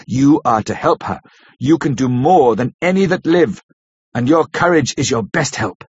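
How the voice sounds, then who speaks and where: A man voicing a grave, kindly older professor who speaks in solemn, formal, halting phrases. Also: mid-range voice, lively intonation, breathy edge, dry recording. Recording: dull lo-fi recording.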